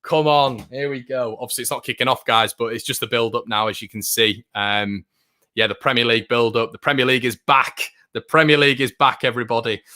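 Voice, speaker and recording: A man's voice: mid-range voice, quick pace. A young man hosting a live football watchalong stream, chatting casually and reading out viewer comments with lots of fillers and restarts. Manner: chatty, filler-heavy, frequent restarts, excitable fan.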